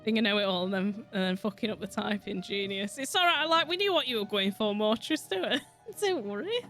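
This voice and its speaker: A woman's voice: medium pitch, fairly quick, faint music behind. A woman with a Yorkshire accent chatting casually on a game stream, swearing freely and laughing a lot. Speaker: streamer with a virtual avatar. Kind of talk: casual gaming stream chat.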